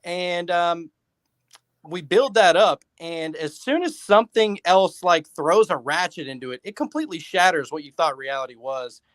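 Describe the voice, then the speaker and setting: A man's voice: sits high, lively intonation, moderate pace, a bit bright, no room sound. A man who hosts a podcast, talking as a guest in a rambling, casual way with many fillers. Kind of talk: casual interview talk.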